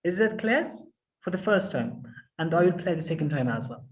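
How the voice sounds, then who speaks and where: A man's voice: on the high side, very animated, moderate pace, rough recording. Patient man teaching an online class. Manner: patient, repetitive, keeps checking if students follow. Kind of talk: online English lesson. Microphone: online class call.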